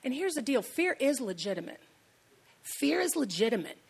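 A woman's voice: high voice, big pitch swings, moderate pace, slightly rough. A woman pastor giving a sermon in a conversational, storytelling way, repeating key lines for emphasis.

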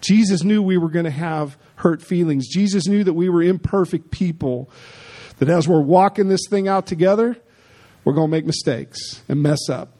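A man's voice: a little high, moderate pace, mellow. A man preaching a sermon in an emphatic, conversational way, with frequent asides to the congregation. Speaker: pastor.

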